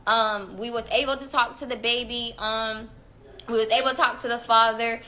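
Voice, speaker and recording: A woman voicing a male police officer who talks in a flat, matter-of-fact way on the phone. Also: a little high, normal speed, rough recording. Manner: matter-of-fact, hedging with ums.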